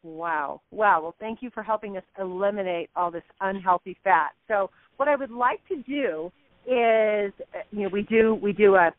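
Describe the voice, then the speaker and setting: An encouraging host leads a product call over a tinny phone line and affirms the guest often. The voice sits at a middle pitch. The sound is dry and narrow. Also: normal speed, no echo. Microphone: telephone.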